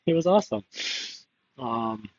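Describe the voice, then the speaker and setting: A man's voice: mid-range voice, expressive, a little slow, darkish tone, dull audio. A man talking candidly in a rambling confessional monologue, laughing often and drifting between topics. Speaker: political candidate.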